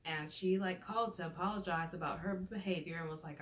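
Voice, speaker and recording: A woman's voice: lowish voice, a little fast, hardly any pauses, a bit bright. Chatty exasperated woman in an echoey room. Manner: chatty and exasperated, leans on "like" as a filler. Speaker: vlogger. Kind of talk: casual storytime chat. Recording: roomy echo with faint noise.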